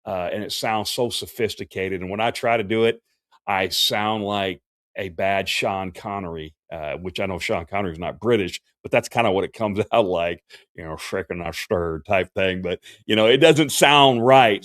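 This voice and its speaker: A man's voice: fairly low pitch, normal speed, a bit bright, no room sound, clean studio sound. A man, a professional Santa performer hosting a casual livestream Q&A, talking in a folksy, chatty way with many fillers and restarts.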